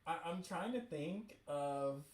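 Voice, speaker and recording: Male streamer, animated and slangy, laughs often, unhurried delivery, echoey room. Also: a little high. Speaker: livestream host reading webcomics. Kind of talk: excited dramatic reading and reactions.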